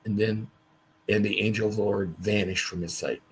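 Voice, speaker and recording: A man's voice: on the low side, fairly even intonation, normal speed, slight background noise, rough recording. A man leading a casual livestreamed Bible study, reading scripture aloud and adding his own asides.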